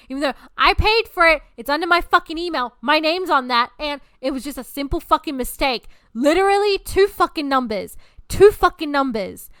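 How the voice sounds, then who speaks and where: A woman's voice: high-pitched, pushed and bright, no room sound. A woman podcast host delivering a heated, profanity-laced ranting monologue.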